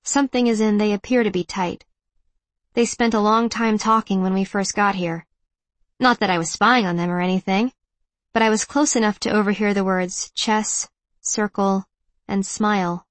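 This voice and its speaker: A woman narrates a first-person audiobook, reflective and measured in her delivery. Her voice sits mid-range, recorded dry and close with no room echo. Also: mid-range voice, steady tone.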